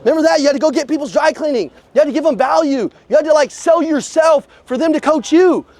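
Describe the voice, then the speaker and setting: A man running a live sales coaching session outside at a car dealership, his voice pitched high and his words racing. He is blunt and profane and drills the trainees with one rhetorical question after another. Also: fast, darkish tone, dry recording.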